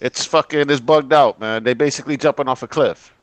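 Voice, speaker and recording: A man hosting a casual gaming podcast, talking loud and profane with lots of banter. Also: medium pitch, a little fast, no room sound. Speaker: podcast host.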